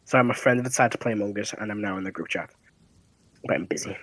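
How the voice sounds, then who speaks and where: A man's voice: fairly low pitch, fast talker, a bit bright, no echo. A man running a tabletop game as dungeon master, narrating scenes casually with fillers and laughs.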